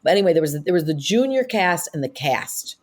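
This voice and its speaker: A woman in her sixties from upstate New York, an actress telling stories as a guest in a casual interview, animated and full of quick asides. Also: lowish voice. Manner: animated storyteller, rapid asides and fillers.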